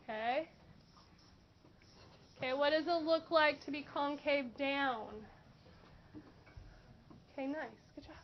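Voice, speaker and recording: A woman teaching a high school math class, asking questions and encouraging students. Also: takes it slowly, long pauses. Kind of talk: classroom lesson. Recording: dull lo-fi classroom recording with faint noise.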